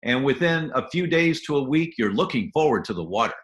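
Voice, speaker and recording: A man with a mid-range, very animated voice speaks fairly quickly, and the recording has a roomy sound. He plays the enthusiastic guest doctor, breaking health habits down step by step and occasionally dramatizing little scenes in quoted voices during a lively interview.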